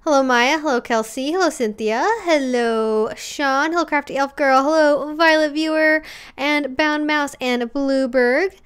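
A woman's voice: sits high, measured pace. A woman in her twenties chatting casually as a livestream host, reading viewer comments aloud and greeting them by name.

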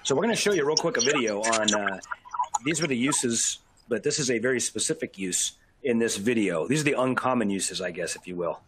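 A man's voice: mid-range voice, expressive, a little fast, a bit bright, slight background noise. A man giving a casual safety presentation, explaining and warning the audience, checking in with "okay?".

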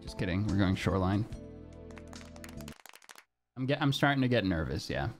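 A young man streaming a game live, talking to his chat in a nervous, excitable way. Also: low-pitched, normal speed, soft background music.

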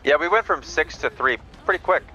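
Bright-voiced gamer guy on lo-fi chat. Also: fairly high pitch, brisk. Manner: relaxed, chatty callouts to teammates. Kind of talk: casual gaming chat.

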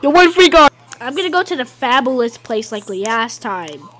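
A woman giving casual gameplay commentary, excitable, often yelling and taunting at the game. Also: sits high, normal speed, low-quality recording. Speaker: gaming video host.

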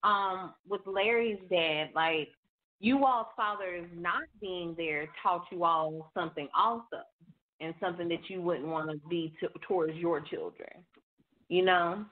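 Female radio co-host, low-pitched, supportive, thin phone-line audio. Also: unhurried. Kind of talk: casual radio talk.

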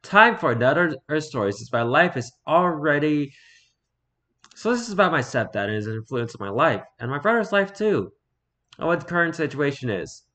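A man reading online stories aloud in a casual, halting way, stumbling over words and breaking off to comment. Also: on the high side, big pitch swings, sharp tone. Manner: reads haltingly, stumbles and repeats words, then comments offhand.

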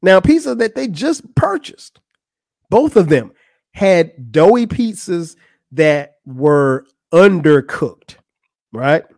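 A man's voice: slow, dry recording, clean studio sound. A man hosting a podcast, telling a funny story in a casual way and acting out the people he quotes. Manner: animated, acts out quotes with rising pitch. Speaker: podcast host.

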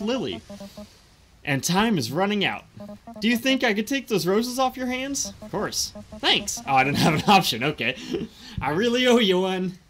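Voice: mid-range voice, a bit bright, voice pushed up. Game figure: eager Southern lovesick young man, voiced by a streamer, pleading.

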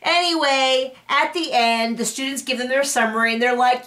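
A woman's voice: sits high, fairly bright tone, distant mic. Sarcastic woman recapping a TV show. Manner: sarcastic, exasperated, mocks people in quick put-on voices. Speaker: recap reviewer. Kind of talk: casual TV recap commentary.

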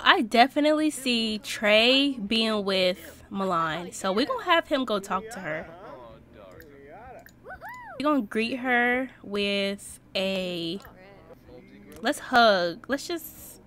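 A young woman hosts a Sims let's-play, casually commenting on her life-simulation game in a slangy, animated way. She reacts and laughs at what happens on screen, speaking at a medium pitch.

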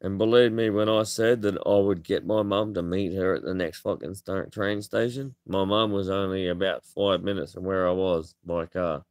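A man's voice: low-pitched, fairly even intonation, moderate pace, few pauses, a little mellow. A man in his thirties, chatting casually to camera in a rambling way, swearing freely. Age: 30s. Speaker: vlogger.

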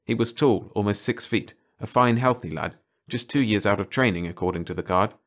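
A man with a low voice reads a short story aloud, steady and measured. His delivery is unhurried and clear, suited to bedtime listening. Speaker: audiobook narrator. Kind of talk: scripted narration.

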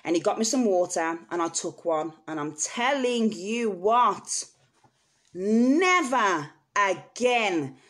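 A woman's voice: medium pitch, lively intonation, slow, fairly bright tone. A woman vlogger speaking candidly to her viewers, telling a personal story in an earnest, emotional way. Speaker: vlogger sharing personal experience.

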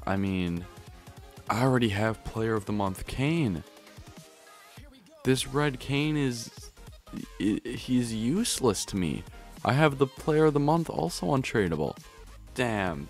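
A man streaming a video game pack opening, excitable and trying to keep his voice down at home, swinging from grumbling to yelling. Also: on the low side, a little slow, soft background music. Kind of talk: pack-opening gameplay commentary.

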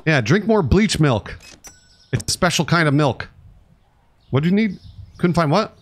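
A man streaming a store game and talking to his chat, sarcastic and grumbling with plenty of swearing. His pitch swings widely from low mutters to high outbursts, in casual live commentary. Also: expressive, moderate pace. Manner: talks to chat and customers. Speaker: streamer playing a store sim.

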